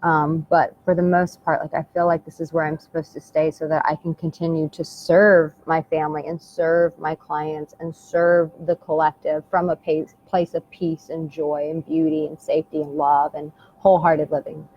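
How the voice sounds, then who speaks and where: A woman's voice: deep voice, level tone, normal speed, few pauses, a little mellow. An American woman coach speaking earnestly and intimately to the camera, repeating her phrases and calling the listener "my darling". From United States. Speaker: dating and relationship coach. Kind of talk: heartfelt motivational talk to camera. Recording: dull lo-fi sound with faint background hiss.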